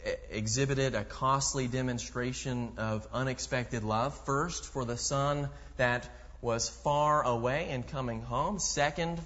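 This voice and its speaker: A man's voice: mid-range voice, a bit bright. A man preaching a sermon, reading scripture aloud and explaining it with rhetorical questions. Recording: muffled voice with long hall reverb.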